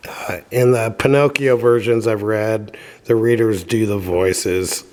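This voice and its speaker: A man casually reading a children's book aloud and adding offhand, wry comments, with filler pauses. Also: lowish voice, fairly even intonation, darkish tone. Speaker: reader and commentator.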